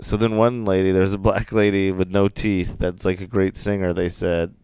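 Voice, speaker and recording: Low gravelly guy, smooth voice, dry close sound, chatty storyteller who laughs a lot. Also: normal speed, dry recording. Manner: animated storyteller, laughing often. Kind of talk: casual comedic chat.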